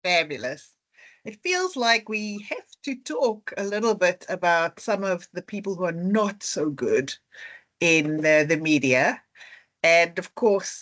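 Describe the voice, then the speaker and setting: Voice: medium pitch, a bit bright. A podcast co-host asks an interview guest questions in an upbeat, conversational way.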